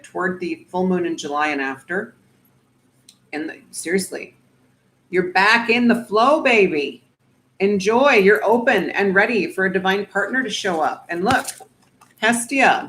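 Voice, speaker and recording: A woman's voice: mid-range voice, a little slow, a bit bright, a little hiss or hum, rough recording. A woman giving a casual spiritual reading straight to her viewers, chatty and reassuring, often checking in with "okay?" and swearing casually. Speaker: oracle card reader.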